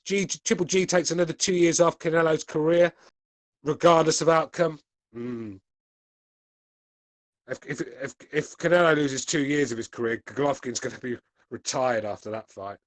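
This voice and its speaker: A man's voice: on the high side, moderate pace, dry recording. A man hosting a podcast, reading live chat with laid-back, crude, mocking banter. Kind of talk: casual live-stream chat.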